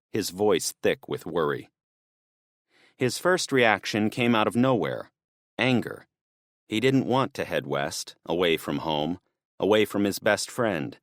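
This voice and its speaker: A man narrating an audiobook thriller in a measured, even storytelling manner on a close mic. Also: deep voice, no room sound. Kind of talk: scripted narration.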